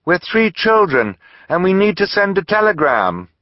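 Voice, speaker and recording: A man's voice: sits high, sing-song, moderate pace, no room sound, lo-fi sound, voice pushed up. A man voicing a young girl, the eager eldest sibling, speaking earnestly and urgently in a storybook reading.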